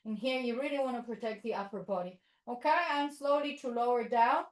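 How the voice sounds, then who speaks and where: A woman's voice: on the high side, fairly quick, roomy sound, low-quality recording. A woman teaching yoga teachers, cueing poses with encouragement and playful animal sounds for children. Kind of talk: instructional yoga demonstration.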